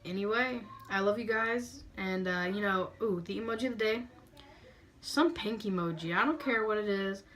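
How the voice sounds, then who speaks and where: A woman's voice: medium pitch, normal speed, a bit bright. Bubbly late-teen girl, sassy casual vlog chat, congested and breathing hard, a mid-range voice. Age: late teens. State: stuffy nose, breathing hard. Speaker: beauty vlogger. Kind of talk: casual room tour chat. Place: her bedroom.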